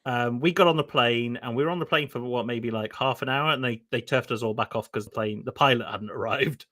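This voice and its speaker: A man's voice: mid-range voice, fairly quick. A man, chatting casually and telling stories with lots of laughter. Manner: giggly, animated storytelling. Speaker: guest. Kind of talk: casual chat on a live stream.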